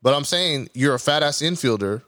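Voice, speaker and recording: A man's voice: mid-range voice, lively intonation, brisk, a bit bright, no room sound, clean studio sound. Brash, trash-talking male podcast co-host. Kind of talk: casual profane banter.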